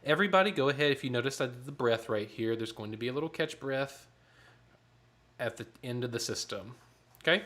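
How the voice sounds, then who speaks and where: A man leading a choir rehearsal online, coaching the singers in a friendly way, checking in often and clearing his throat now and then. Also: medium pitch, brisk, fairly bright tone. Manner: counts in and demonstrates rhythms aloud. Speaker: choir director.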